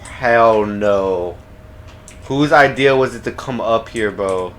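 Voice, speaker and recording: A young man playing a horror game, swearing in panic, yelling at monsters and muttering low when tense. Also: slow pace, slight background noise. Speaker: gamer.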